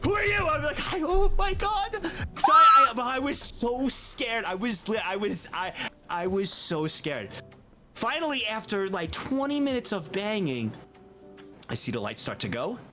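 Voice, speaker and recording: Animated young man telling a wild story. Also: sits high, measured pace. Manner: animated, swings between hushed and shouting. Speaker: guest storyteller. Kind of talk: casual storytelling on a stream. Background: music.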